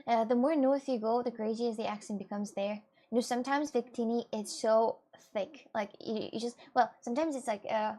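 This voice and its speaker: A woman's voice: a little high, normal speed, few pauses, mellow. Chatty young woman streamer. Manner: chatty, rambling with many fillers and repeats. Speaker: streamer reading chat. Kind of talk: casual live-stream chat.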